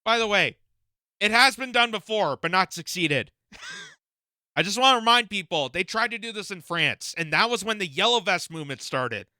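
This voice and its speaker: A man's voice: high-pitched, lively intonation, normal speed, bright, forceful tone, dry recording, clean studio sound. A man from Canada giving indignant reaction commentary, firing off rhetorical questions with frequent fillers. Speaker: political commentator.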